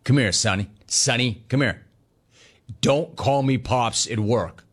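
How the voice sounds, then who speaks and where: A man voicing his stern older father, a no-nonsense boss, in a gruff, firm, lower and quieter tone. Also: slow.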